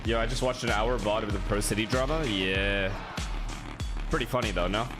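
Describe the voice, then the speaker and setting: A man's voice: on the low side, normal speed, music in the background. A man streaming and casually chatting with viewers in laid-back slang over a match broadcast. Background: broadcast audio playing.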